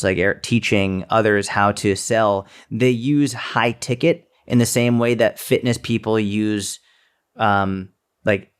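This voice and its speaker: This podcast co-host, a seminar speaker and fitness business coach, talks in a smooth, lowish voice. In casual conversation he is blunt and profane, making fun of people by quoting them in mocking voices.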